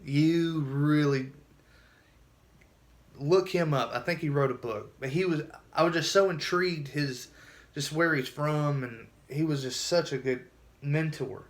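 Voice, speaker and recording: A man's voice: a little high, a little slow. A man telling his own story in a casual vlog, earnest and emotional, often restarting his sentences.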